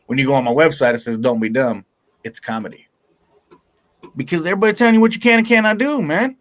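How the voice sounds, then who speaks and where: A brash male comedian with a somewhat high voice talks in a loose, profane, animated way. He laughs a lot and speaks with plenty of swagger. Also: fast talker. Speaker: stand-up comedian, guest. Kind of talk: casual interview chat.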